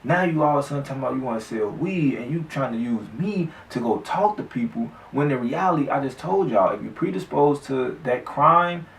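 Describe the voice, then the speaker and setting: A gravelly male vlogger telling a story off the cuff, slangy and profane, often restarting his sentences. He sits some way back from the mic in an echoey room. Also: mid-range voice, lively intonation, fairly quick, few pauses, far from the mic. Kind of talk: casual storytelling.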